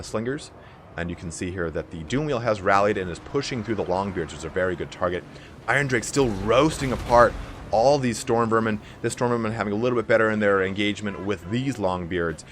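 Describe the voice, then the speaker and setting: A young man with a raspy, allergy-hoarse voice giving casual play-by-play commentary on a strategy game match. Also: deep voice, slight background noise. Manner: casual, fast-flowing play-by-play with fillers. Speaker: game caster.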